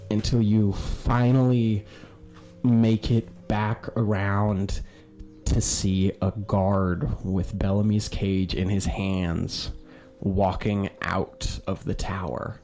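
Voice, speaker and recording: A man running a tabletop game as game master, narrating in a casual, animated way. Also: lowish voice. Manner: casual, animated, laughing storyteller.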